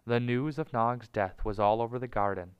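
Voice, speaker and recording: A man narrating a storybook in a measured, dramatic way. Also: mid-range voice, muffled recording, background noise. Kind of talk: storybook reading.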